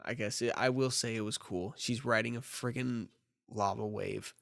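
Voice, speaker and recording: A man's voice: mid-range voice, fairly even intonation, normal speed, gravelly, fairly bright tone, dry recording, studio quality. A man co-hosting a casual movie review chat, easygoing and agreeable. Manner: easygoing, agreeable, laughs along. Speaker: podcast co-host, movie reviewer.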